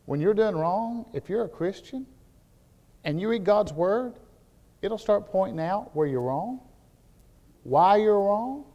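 A man preaching a sermon as pastor, telling animated stories that build to near shouts. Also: high-pitched, takes it slowly, pauses often, long reverb tail, dull audio.

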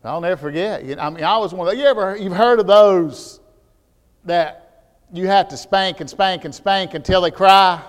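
A man preaching a sermon as pastor, telling animated stories that build to near shouts. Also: sits high, moderate pace, big-room sound.

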